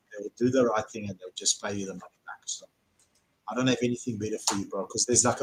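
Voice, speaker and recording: A man's voice: fairly low pitch, low-quality recording. A man with a South African accent, a car dealer hosting a live Q&A and telling stories bluntly, swearing when riled. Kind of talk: casual live Q&A storytelling.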